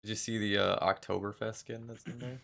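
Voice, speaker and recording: Male streamer, casual chat, low fry-heavy voice. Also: fairly even intonation, fairly quick, a bit bright. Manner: loose, swears casually, laughs often.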